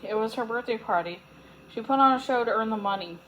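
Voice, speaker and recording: A woman's voice: on the high side, fast, a bit bright, highs cut off, slight background noise, close to an everyday voice. A woman reading a storybook aloud and voicing an eager, chatty young girl.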